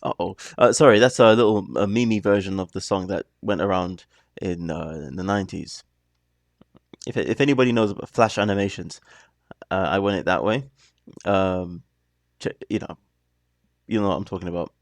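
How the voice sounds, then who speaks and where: Man, lowish and gravelly with a lively, bouncing delivery; casual reaction host trading jokey asides over a song playing underneath. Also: moderate pace, pauses often, no echo, studio quality. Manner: chatty, joking asides, rambling.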